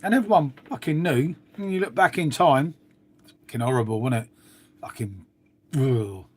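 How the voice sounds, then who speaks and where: A man's voice: mid-range voice, animated, moderate pace, slightly rough. A middle-aged man chatting casually to viewers on a live stream, swearing freely and trailing off into asides. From England. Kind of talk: rambling casual chat to viewers.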